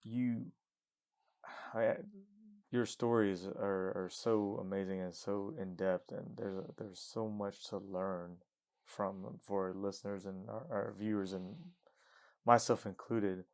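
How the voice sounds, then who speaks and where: A man hosting a podcast, reacting with soft, admiring comments and then asking a slow question. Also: lowish voice, fairly even intonation. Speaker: podcast host. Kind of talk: interviewing, short reactions.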